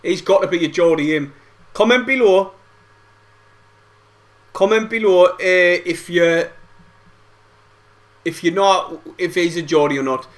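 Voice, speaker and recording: A man's voice: fairly high pitch, fairly even intonation, measured pace, long pauses. A young man reacting to a football match live, frustrated and swearing, full of banter. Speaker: football fan streamer. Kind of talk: live match watch-along commentary.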